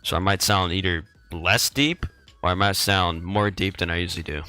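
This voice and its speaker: A man's voice: sits low, fairly even intonation, normal speed, pushed and bright, soft background music, rough recording. A teenage boy chatting with viewers on a live game stream through a headset mic, rambling and repeating himself with the odd chuckle. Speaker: gaming streamer. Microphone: gaming headset microphone.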